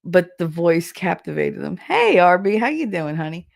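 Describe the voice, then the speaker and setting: Chatty woman with a deep, gravelly voice. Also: normal speed. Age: adult with children. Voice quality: low deep voice. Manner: chatty, animated storytelling, laughs often. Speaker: livestream podcast host. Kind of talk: casual livestream chat reading the chat.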